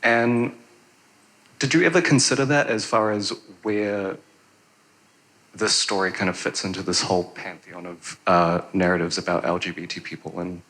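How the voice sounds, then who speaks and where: Bright-toned, low-voiced man asking haltingly. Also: poor audio. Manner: halting, many fillers. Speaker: audience member. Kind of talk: audience question at a Q&A.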